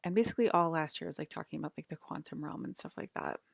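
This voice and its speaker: A woman's voice: deep voice, rapid-fire, creaky, no room sound, studio quality. A woman talking in a casual, rambling vlog monologue from her bedroom, leaning heavily on the filler "like". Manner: rambling, heavy use of filler "like". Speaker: vlogger.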